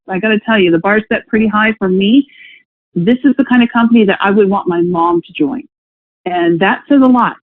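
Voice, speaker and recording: A woman's voice: mid-range voice, no echo. A woman speaking as a guest executive on a company call, enthusiastic and laughing often. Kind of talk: casual conference-call talk. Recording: dry tinny phone line.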